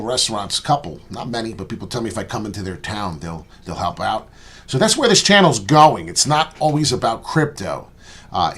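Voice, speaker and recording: A man's voice: lowish voice, fairly bright tone, husky. A man hosting his own crypto channel, talking earnestly and bluntly off the cuff, rambling with lots of "uh" and "right?" and swearing freely. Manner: profane, blunt talk. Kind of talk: off-the-cuff vlog monologue.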